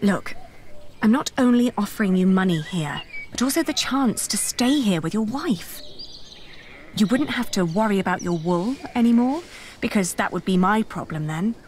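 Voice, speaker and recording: A woman's voice: mid-range voice, expressive, normal speed, a little mellow, a little hiss or hum, lightly acted. An actress playing a resourceful young noblewoman who talks in an earnest, persuasive and reassuring way in a video game. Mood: bargaining. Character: young noblewoman, resourceful and determined older sister.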